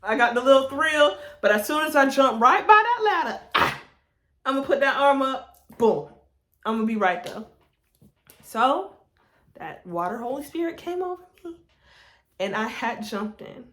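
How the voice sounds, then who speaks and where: A young woman in a roomy, echoey space tells a story straight to her camera. Her voice sits a little high, and she breaks into laughs as she goes. It sounds casual and animated. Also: measured pace, long pauses. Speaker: vlogger. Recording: roomy echo.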